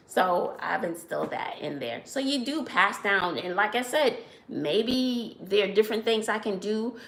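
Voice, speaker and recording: A woman from Brooklyn, hosting a casual livestream chat and telling lively stories with frequent laughs. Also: medium pitch, vocal fry, echoey room. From Brooklyn, New York. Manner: animated storyteller, laughs often, says "child". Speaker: channel host.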